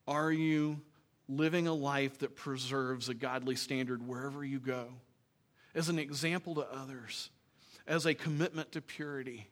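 A man pastor preaching a sermon in a church, earnest and emphatic, dropping into quiet, joking asides. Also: medium pitch, fairly even intonation, normal speed.

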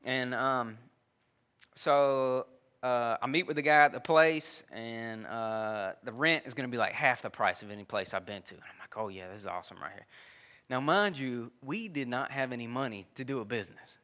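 Bright-voiced man preaching a casual sermon. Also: medium pitch, normal speed, smooth. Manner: conversational, uses dude and y'all, many restarts. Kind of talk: sermon with personal story.

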